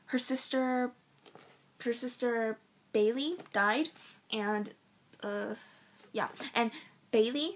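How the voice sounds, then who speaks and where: A teenage girl recommending her favorite books in a rambling, gushing way, full of ums and likes. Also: a little high. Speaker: book vlogger. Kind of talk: casual book recommendation vlog.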